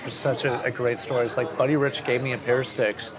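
A man's voice: medium pitch, quick pace, crowd noise. A man, a drummer, telling stories in a casual interview and swearing casually. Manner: animated storyteller, swears casually. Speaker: drummer guest.

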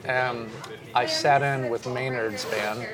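A man's voice: mid-range voice, takes it slowly, a crowd in the background. A man, a drummer, telling stories in a casual interview and swearing casually. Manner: animated storyteller, swears casually. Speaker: drummer guest.

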